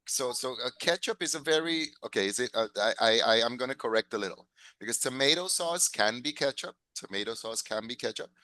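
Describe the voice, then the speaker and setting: Man, english teacher, bright voice, dry close sound, patient, repeats words. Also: mid-range voice, lively intonation, brisk, no echo, poor audio. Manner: patient, repeats and corrects words, praises students. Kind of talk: classroom lesson mixing English and Spanish.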